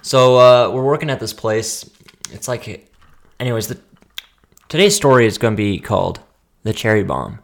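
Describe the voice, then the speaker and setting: A man's voice: lowish voice, animated, moderate pace, creaky, long pauses. A young man co-hosting a casual podcast, telling rambling work stories, laughing often and sometimes losing his words. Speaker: podcast co-host. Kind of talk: casual chat.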